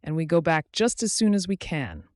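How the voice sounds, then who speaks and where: A man's voice: a little high, sing-song, normal speed, no echo, clean studio sound, pitched above the performer's own voice. A man voicing Mrs. Quack, a fretful duck. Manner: fretful, tearful and insistent. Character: anxious, distrustful female duck far from home.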